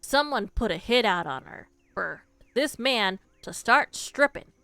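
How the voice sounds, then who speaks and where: A woman's voice: mid-range voice, animated, a little slow, creaky, a bit bright, no echo. A young woman streamer chatting casually with her live chat, telling a story and giggling often. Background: faint background music.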